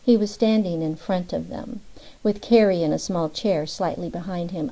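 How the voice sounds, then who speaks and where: A woman's voice: moderate pace, dark tone, low-quality recording. A woman narrating a novel as an audiobook, lifting her voice slightly for the characters' lines. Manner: reads all characters with small pitch lifts for dialogue.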